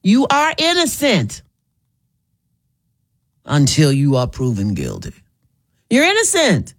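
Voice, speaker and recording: A woman's voice: low-pitched, wildly swooping pitch, slow. A woman radio host, chatting with callers in an emphatic, repetitive way. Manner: chatty, emphatic, repeats herself. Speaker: radio talk show host. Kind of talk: call-in radio talk.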